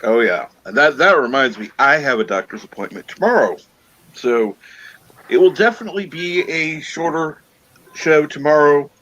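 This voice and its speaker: A man's voice: a little high, lively intonation, moderate pace, a bit bright, dull audio. A man co-hosting a live morning talk stream, rambling casually with lots of fillers. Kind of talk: casual chat.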